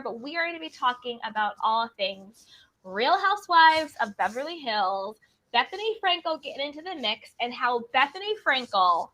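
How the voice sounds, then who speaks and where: A woman's voice: high-pitched, pushed and bright. A woman hosting a casual live stream, greeting viewers by name in a bubbly, chatty way. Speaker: livestream host.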